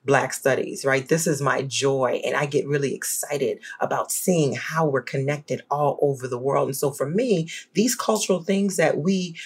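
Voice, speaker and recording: A guest scholar from New Orleans with a New Orleans accent, talking in an animated, emphatic way in a podcast conversation. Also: husky. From New Orleans, USA. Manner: animated, emphatic, swings up high when excited.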